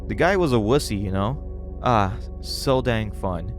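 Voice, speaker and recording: A man hosting a casual reading of a web comic, relaxed and chatty, with frequent fillers as he comments. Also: fairly low pitch, a little slow, faint music behind.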